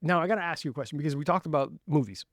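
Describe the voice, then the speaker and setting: A man hosting a casual podcast interview, telling stories in an animated way with frequent laughter. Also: a little high, rapid-fire, no room sound, clean studio sound. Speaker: podcast host.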